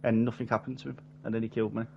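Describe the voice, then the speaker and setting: A man's voice: lowish voice, level tone, rapid-fire, vocal fry, dull audio, slight background noise. A man chatting casually and joking while playing a survival game with a friend. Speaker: gamer. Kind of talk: casual gaming chat.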